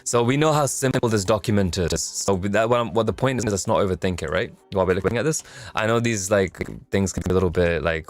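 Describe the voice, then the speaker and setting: A young man with a lowish voice walks his stream through a technical text, reading lines aloud and then breaking them down. He keeps it chatty, throwing questions at his audience. Faint music runs under his talk. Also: animated, brisk, no echo. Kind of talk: casual explanatory stream talk.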